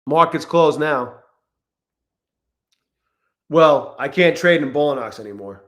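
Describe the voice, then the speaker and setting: A man streaming live, talking casually and excitably to his chat, swearing often and greeting viewers by name. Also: a little high, takes it slowly, roomy sound.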